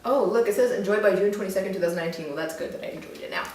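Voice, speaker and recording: A woman's voice: medium pitch, quick pace, hardly any pauses, distant mic, noisy background. A young woman chatting casually in a rambling, self-mocking way while reviewing drinks. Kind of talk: casual chat. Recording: very echoey room, away from the mic.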